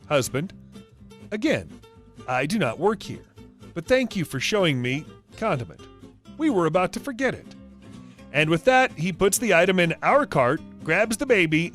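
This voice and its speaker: High animated guy reading out internet stories, soft guitar playing underneath. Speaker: story narrator. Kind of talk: reading online stories aloud. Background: soft guitar music.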